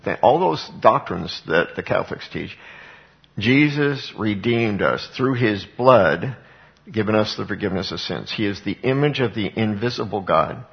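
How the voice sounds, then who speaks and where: A man's voice: lowish voice, lively intonation, moderate pace, creaky, muffled recording. A man teaching from the Bible in an informal, emphatic way, asking rhetorical questions and answering them himself. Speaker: street evangelist and Bible teacher.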